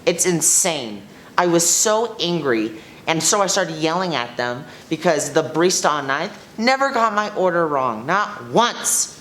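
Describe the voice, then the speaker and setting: A young woman plays an entitled newcomer who rants indignantly about a coffee order. Her voice sits low. There is faint hiss behind her. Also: expressive, a little slow, a bit bright. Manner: indignant ranting. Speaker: new group member. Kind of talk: student sketch comedy acting.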